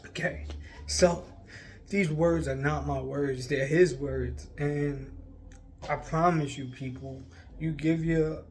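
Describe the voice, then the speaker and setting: A man's voice: a little high, darkish tone, a little hiss or hum. A man talking earnestly to his viewers about faith, pleading and repeating himself, with frequent laughs. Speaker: faith vlogger. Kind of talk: casual spiritual encouragement to camera.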